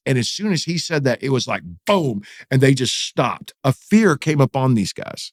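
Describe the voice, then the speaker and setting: A pastor recounts a story on a podcast, his pitch swinging high and low as he acts out what others said. The sound is dry and close, with no room around him. He talks in a lively, storytelling way. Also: moderate pace, hardly any pauses, no echo. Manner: animated, acts out quotes with rising pitch.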